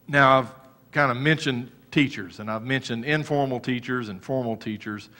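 A middle-aged man preaching from the pulpit in an animated storytelling manner. His voice sits at an ordinary male pitch and swings from hushed, low moments to sudden loud rises. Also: moderate pace. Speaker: pastor. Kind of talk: sermon.

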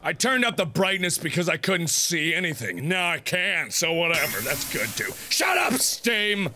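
A man in his twenties hosting a gaming video, loud and goofy, ranting and rambling between frustrated outbursts. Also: on the high side, expressive, normal speed, a little hiss or hum. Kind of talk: let's play commentary.

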